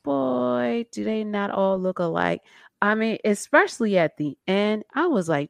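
A woman co-hosting a casual chat about a documentary, telling it with lively acted-out quotes. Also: mid-range voice, unhurried, vocal fry, no echo, studio quality. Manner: animated storytelling with acted-out quotes. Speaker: podcast co-host.

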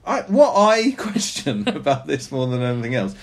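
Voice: mid-range voice, big pitch swings, normal speed. Laughing podcast co-host. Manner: laughing, joking, self-mocking. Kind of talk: casual chat.

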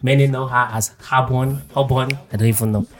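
A man's voice: medium pitch, fairly even intonation, fairly quick, very noisy. A man hosting a podcast, joking and laughing as he hypes up his guests. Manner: playful, laughing, hype-man introductions. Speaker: podcast host. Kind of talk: casual chat.

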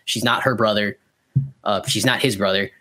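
A man's voice: on the low side, steady tone, moderate pace, bright, forceful tone. A man co-hosting a podcast, rambling and swearing freely as he reviews films in casual chat. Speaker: podcast co-host.

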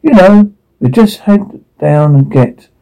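A man's voice: high voice, lively intonation, takes it slowly, gravelly, mellow, pitched above the performer's own voice, heavily acted, low-quality recording. A man voicing a remorseful father who pleads and apologizes to his family. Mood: soothing.

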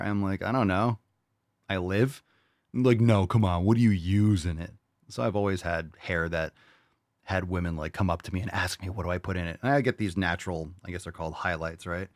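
Deep-voiced and speaking at a normal speed, this man hosts a podcast where he fields listener questions casually, cursing bluntly and reacting with mock incredulity. The studio-quality recording is dry.

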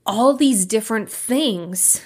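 A woman's voice: a little high, expressive, slow, a little mellow, husky. A young adult woman life coach hosting a podcast, talking candidly and emphatically in a casual monologue, with the odd curse word.

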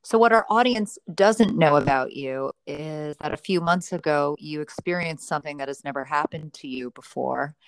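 Low-voiced woman podcast host. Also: normal speed, vocal fry, hardly any pauses, no room sound, poor audio. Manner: friendly, prompting questions. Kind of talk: casual interview.

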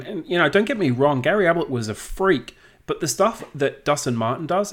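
A man with an Australian accent co-hosting a sports podcast, chatty and quick to laugh. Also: fairly high pitch, a bit bright. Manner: chatty, laughs while talking. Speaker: podcast co-host. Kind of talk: casual sports chat.

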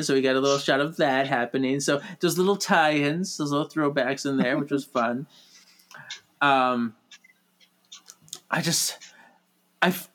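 A man chatting casually about a TV episode, animated and gushing, breaking into dramatic quoted outbursts. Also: fairly high pitch. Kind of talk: casual chat recapping a TV episode.

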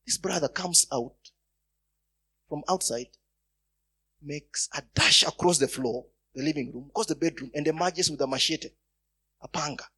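Male preacher, husky and slightly high-pitched, storytelling sermon with emphatic swells. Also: moderate pace, long pauses, bright, forceful tone. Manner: storytelling, rising to emphatic bursts. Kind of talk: sermon with personal stories.

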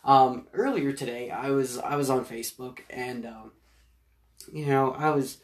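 A man's voice: mid-range voice, unhurried. A man with an ordinary mid-range voice chats on a podcast in an easygoing way. He strings his thoughts together with "you know" and chuckles as he goes. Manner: relaxed, fills speech with "you know" and laughs. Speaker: podcast co-host. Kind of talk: casual conversation.

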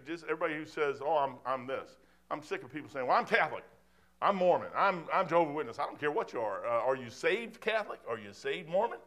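A man's voice: on the high side, a bit bright. An older man preaching an informal sermon in a folksy, rambling, conversational way, drifting between Bible reading and personal stories.

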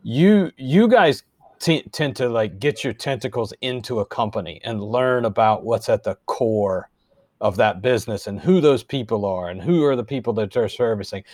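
A man's voice: mid-range voice, lively intonation, normal speed, darkish tone, no room sound, studio quality. A man hosting an interview, asking long, thoughtful questions. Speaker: host, interviewer. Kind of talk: casual interview.

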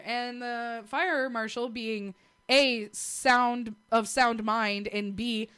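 Young woman, casual talk; bawdy, giggly storyteller with a fairly high voice. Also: slow pace, clean tone. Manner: giggly, crude, animated retelling with acted quotes. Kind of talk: casual chat.

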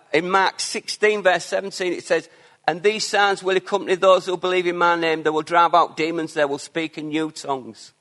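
A preacher from delivers his sermon in a somewhat high-pitched male voice. He builds earnestly to emphatic declarations, then drops into softer, quieter asides to the congregation.

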